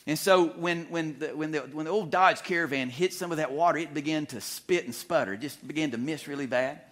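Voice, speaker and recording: A male pastor telling a humorous story in a sermon, animated and full of restarts. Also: a little high, fairly quick. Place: church sanctuary.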